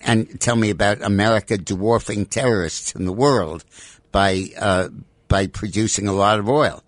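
A man with a fairly low voice delivers opinionated radio commentary. He is emphatic and stacks up repeated rhetorical demands. The sound is dry, with no room around it. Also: normal speed, dry recording. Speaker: radio talk show guest commentator.

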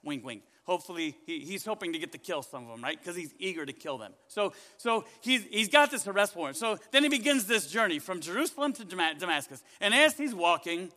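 A male pastor preaching a sermon in a high, bright, forceful voice. He talks in an animated way and keeps putting questions to his congregation. A long hall reverb trails each phrase. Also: fairly quick, hardly any pauses.

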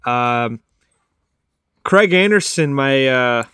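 A man's voice: medium pitch, lively intonation, slow pace, a bit bright, clear, resonant tone, dry recording, studio quality. A young man co-hosting a casual hockey podcast, loose and joking. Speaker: podcast co-host.

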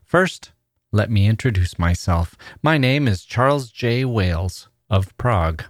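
A man voicing a gentle, attentive father who speaks in a coaxing way. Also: fairly low pitch, lively intonation, unhurried, no echo, clean studio sound.

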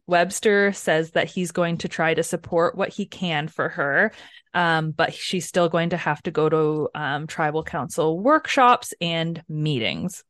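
A woman co-hosting a casual book club podcast, recapping chapters in an animated way and swearing freely. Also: low voice, unhurried, no echo. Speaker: podcast co-host.

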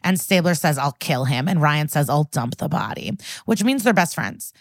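A woman co-hosting a podcast, casually recapping an episode and acting out the characters' lines with animated swings in voice. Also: sits low, moderate pace, dry recording. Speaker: podcast co-host.

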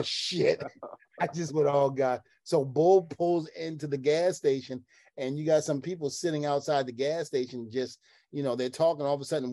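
A man in casual podcast chat, telling lively stories and acting out the quotes in them. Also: a little high, dry recording. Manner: animated storyteller who acts out the quotes in his stories.

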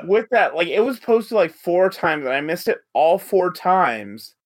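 High-voiced man ranting in mock outrage. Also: a little slow. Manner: animated, exaggerated ranting, laughing while talking. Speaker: podcast co-host. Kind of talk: casual chat.

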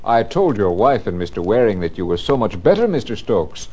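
An actor playing a smooth, sinister male sanitarium director in 1940s radio drama, silky and quietly mocking. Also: on the low side, big pitch swings, brisk. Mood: menacing.

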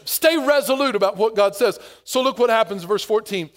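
High-voiced male pastor preaching animatedly. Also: a little fast. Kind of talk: sermon.

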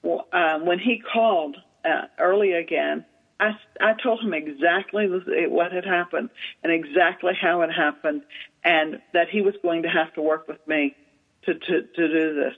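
A woman, telling an animated story as an author and literary agent guest in an interview, with many fillers. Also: fairly low pitch, moderate pace. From Southern United States. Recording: tinny phone-line radio sound.

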